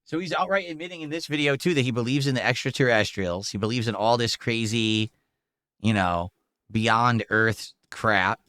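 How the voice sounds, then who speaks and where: A man's voice: mid-range voice, normal speed, pushed and bright, clean tone, no echo, clean studio sound. A man streaming live, giving casual reaction commentary in an incredulous, exclaiming way.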